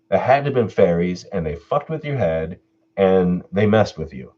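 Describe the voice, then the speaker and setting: A man hosting his own live stream Q&A, telling a personal story in a laid-back way, swearing freely and getting animated when he retells what people said. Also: fairly low pitch, normal speed, lo-fi sound. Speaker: channel host doing a live stream Q&A.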